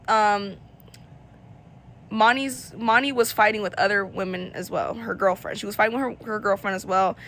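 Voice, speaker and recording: A woman tells a storytime in a blunt, indignant voice. She rambles with lots of fillers at an ordinary pitch. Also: fairly bright tone, a little hiss or hum. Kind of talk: casual storytime.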